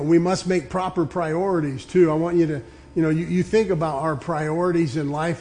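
A man preaching a sermon, earnestly explaining scripture and reading passages aloud with slow emphasis. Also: a little high, dark tone, a little hiss or hum.

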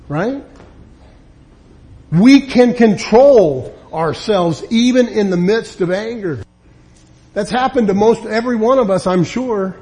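A preacher with a high voice and moderate pace delivers an emphatic sermon in a church or meeting room, bringing the people he quotes to life with lively swings in delivery.

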